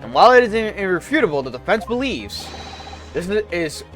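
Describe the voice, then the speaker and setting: A man's voice: high voice, sing-song, a little fast, a bit bright, faint music behind. A man voicing an earnest young male defense lawyer, reading with halts and restarts.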